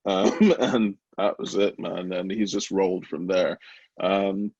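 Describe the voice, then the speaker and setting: A man's voice: low voice, fairly even intonation, slow pace, darkish tone, breathy edge, no room sound, dull audio. A man, founder of a small company, talking candidly in an interview, open and emotional, with many fillers and restarts. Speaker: brownie company founder, guest.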